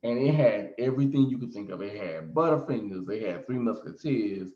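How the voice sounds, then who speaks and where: A man hosting a storytime vlog as a psychic reader, animated, often laughing and adding "okay?" asides. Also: on the low side, brisk. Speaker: psychic reader and video host. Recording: echoey room, slightly dull sound.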